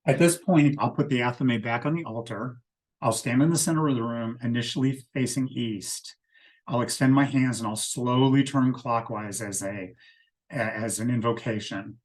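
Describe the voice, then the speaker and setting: A man with a voice of ordinary pitch, walking listeners through a ritual one step at a time. His delivery is steady and methodical. He sounds like a leader preparing a group for a ceremony. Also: moderate pace. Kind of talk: explaining a ritual walkthrough.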